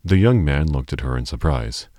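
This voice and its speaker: A man narrating an audiobook in a calm, measured storytelling manner. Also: extremely low pitch, no echo, studio quality.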